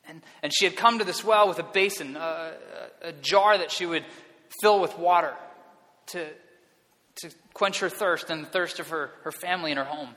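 A man's voice: fairly high pitch, moderate pace, bright, forceful tone. A man preaching a sermon as pastor, earnest and often repeating words as he restarts his sentences. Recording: long reverb of a hall.

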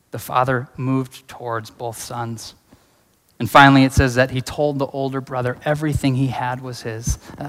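A man's voice: mid-range voice, a bit bright. Earnest man preaching in a reverberant hall. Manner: earnest, conversational preaching with personal stories. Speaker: pastor. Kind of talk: sermon.

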